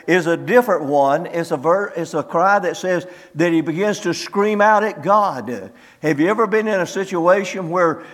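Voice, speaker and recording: A man preaching a sermon as pastor, reading scripture slowly and emphatically with many "uh" fillers. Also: high-pitched, a bit bright, in a large hall.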